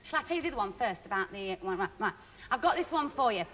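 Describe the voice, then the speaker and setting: A woman's voice: mid-range voice, lively intonation, rapid-fire. A woman guest on a TV variety show, telling rude jokes and giggling through them. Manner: giggly, breaks into laughter mid-joke. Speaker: comedy guest. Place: TV studio with live audience. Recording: studio hall with loud audience laughter.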